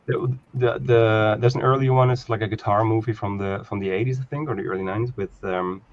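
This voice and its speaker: Low-voiced man telling a rambling story. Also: steady tone, fairly quick, dull audio, a little hiss or hum. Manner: rambling storyteller, laughs often. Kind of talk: casual chat.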